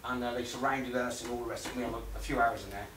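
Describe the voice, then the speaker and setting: A man giving an animated, anecdotal conference talk, acting out quotes and laughing often. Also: medium pitch, quick pace, slight background noise. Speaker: conference speaker. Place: conference room. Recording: roomy hall audio from far off.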